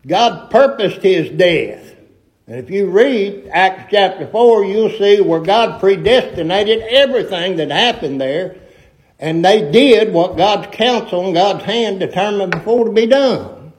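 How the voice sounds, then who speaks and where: A man's voice: sits high, lively intonation, measured pace, low-quality recording. A middle-aged man preaching a sermon in a folksy, emphatic way with rustic grammar.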